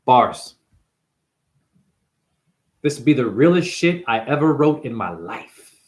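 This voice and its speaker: Here a spiritual teacher talks to the camera in an improvised, profane and intense sermon, challenging the viewer with rhetorical questions. His medium-pitched voice is very animated and slightly mellow, delivered at normal speed.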